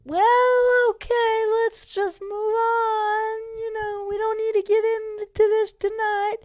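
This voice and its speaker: Brief: high placating mother voice put on by a man, rushing to change the subject. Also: flat delivery. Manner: high falsetto, hurried and placating. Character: mother smoothing over a tense family dinner.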